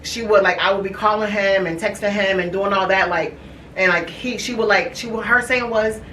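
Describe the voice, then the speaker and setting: A woman in her thirties hosting a podcast, telling a personal family story in a candid, halting way with many fillers and restarts. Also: medium pitch, fairly even intonation, a bit bright, recorded from a distance. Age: 30s. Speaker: podcast host. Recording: echoey room, voice from off-mic, faint hiss.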